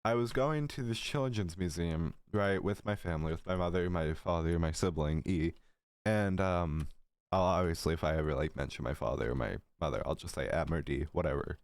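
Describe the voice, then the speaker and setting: A man's voice: deep voice, brisk, no echo. A teenage boy telling rambling stories in a casual storytime vlog, giggly and full of profane asides, his throat a little dry. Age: teens. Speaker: storytelling creator.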